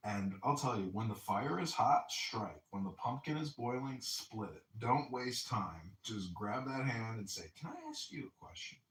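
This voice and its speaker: A man's voice: fairly low pitch, lively intonation, measured pace, few pauses, fairly bright tone, recorded from a distance. Brief: male podcast host, boastful rambler, recorded off-mic in an echoey room with faint hiss. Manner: rambling, boastful storyteller, laughs at own jokes. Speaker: podcast host and political candidate. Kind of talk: casual podcast banter.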